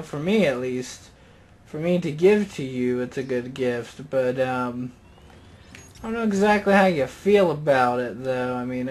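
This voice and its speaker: A man's voice: a little high, darkish tone. A young man commenting on his own gameplay with rambling sarcasm and lots of "you know". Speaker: gaming channel host. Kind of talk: let's play commentary.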